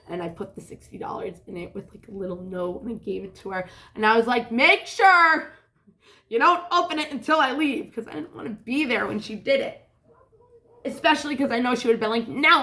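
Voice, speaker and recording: A woman's voice: medium pitch, vocal fry. A woman telling a rambling story in a casual vlog, laughing often and swearing freely. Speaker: vlogger.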